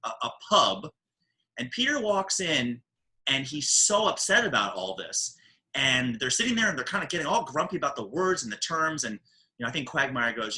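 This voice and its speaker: A man with a New York accent hosting a podcast in casual, animated, joking chat. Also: medium pitch, moderate pace, low-quality recording. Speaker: podcast host.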